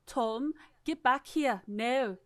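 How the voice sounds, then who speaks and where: A woman's voice: a little high, slow pace, fairly bright tone, no echo, clean studio sound, pitched above the performer's own voice. A woman voicing an alarmed female researcher who calls out in a raised, urgent voice. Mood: pleading. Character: alarmed female researcher shouting after her boss.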